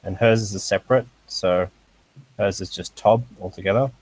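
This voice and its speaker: A man teaching a casual lesson over a voice call, halting with fillers and short laughs. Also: fairly low pitch, no room sound, poor audio. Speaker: language teacher.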